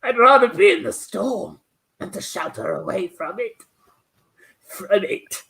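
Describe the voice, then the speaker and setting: A man's voice: sits high, expressive, a little slow, creaky, bright, forceful tone, heavily acted. A man voicing a hyper-intelligent two-year-old boy who whines melodramatically in an improvised comedy scene. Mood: melodramatic. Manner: whiny, melodramatic.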